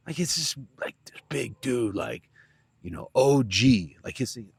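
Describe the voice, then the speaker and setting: A man hosting a podcast, telling a rambling, animated story full of fillers. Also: medium pitch, normal speed, gravelly, husky, no echo. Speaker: podcast host. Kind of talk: casual storytelling monologue.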